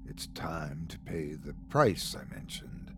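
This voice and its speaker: A man voicing a sly, menacing uncle in a low, hushed whispered role-play. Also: huge pitch swings, measured pace, slight background noise.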